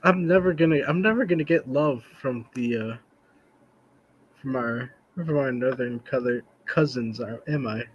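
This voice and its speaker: A man's voice: medium pitch, moderate pace, muffled recording, slight background noise. A tired man from the United States in casual podcast chat who rambles, jokes and laughs often.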